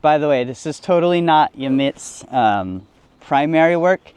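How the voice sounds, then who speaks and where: A man hosting a travel vlog outdoors on a river boat, chatting casually and mock-solemn, mixing in halting Spanish. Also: a little high, lively intonation, a little mellow, clean tone. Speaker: travel vlogger.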